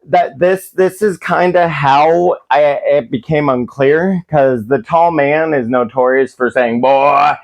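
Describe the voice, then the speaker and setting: A man's voice: a little high, slow, hardly any pauses. A man giving a rambling, profane comedic recap of a film, full of restarts and acted-out quotes. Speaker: movie reviewer.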